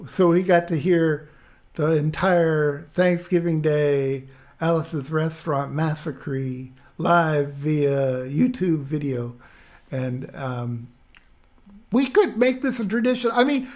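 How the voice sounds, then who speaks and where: Male streamer, relaxed home chat, unhurried, laughs easily. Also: a little high. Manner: chatty, laughs often, easygoing. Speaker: musician hosting a livestream. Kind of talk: casual livestream chat with viewers. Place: at home in an easy chair.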